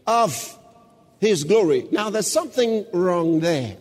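High-pitched guy preaching slow with a bouncy lively voice, bit of hiss behind. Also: in a large hall. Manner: builds from calm teaching to shouted praise. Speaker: pastor. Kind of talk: sermon.

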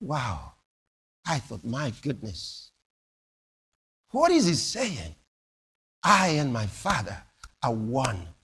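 A man preaching a sermon, telling stories dramatically with sudden loud bursts and hushed drops. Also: mid-range voice, slightly rough.

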